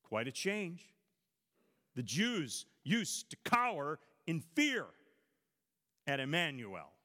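A man's voice: fairly high pitch, big pitch swings, slow pace, sharp tone. A man preaching a Christmas sermon and leading a prayer, speaking dramatically with strong emphasis, in a church. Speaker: pastor. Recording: reverberant hall.

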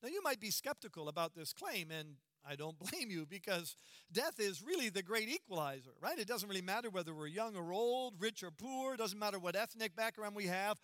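A man delivering a sermon with a high, bright voice. He speaks earnestly and emphatically, slowing and sinking to a hush on the words that matter most. The sound is dry and close. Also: big pitch swings, no echo. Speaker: preacher.

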